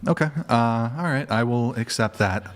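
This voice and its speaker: A man hosting a dating debate show, firing quick teasing questions at guests. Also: medium pitch. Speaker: host.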